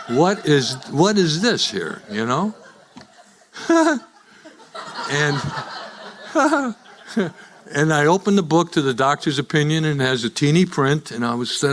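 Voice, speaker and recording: A man's voice: mid-range voice, lively intonation, a little slow, pauses often. An older man from Chicago, speaking to a live audience as a guest at a recovery meeting, telling his life story with wry jokes and chuckling at his own punchlines.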